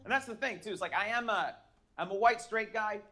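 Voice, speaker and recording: A young adult man doing a profane, brash stand-up comedy set with rapid-fire jokes. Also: high-pitched, bright, forceful tone.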